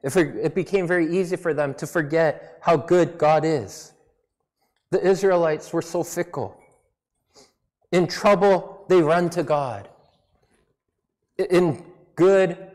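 A man's voice: a little high, unhurried, long pauses, darkish tone. A man preaching a sermon in a conversational, self-deprecating way, with a slight non-native English accent. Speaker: pastor. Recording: long reverb of a church hall.

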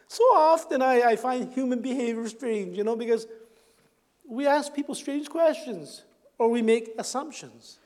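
A man preaching a sermon as a pastor, telling the story in a lively way and acting out the voices of the people in it. He often chuckles, and his voice drops quietly at the ends of lines. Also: very high-pitched, moderate pace. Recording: long hall reverb.

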